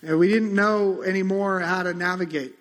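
A middle-aged man preaching a sermon as a pastor, conversational and animated, acting out quotes as he goes. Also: high voice, normal speed. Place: church sanctuary. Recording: long hall reverb.

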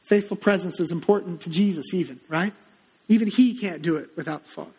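A middle-aged man preaching a sermon as a pastor, conversational and animated, acting out quotes as he goes. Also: sits high, a little fast, slightly rough. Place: church sanctuary. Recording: long hall reverb.

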